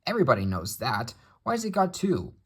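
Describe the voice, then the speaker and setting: A vain, jealous storybook steam engine, boastful and petulant, voiced by a man reading aloud. The voice is husky and bounces with lively pitch. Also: brisk.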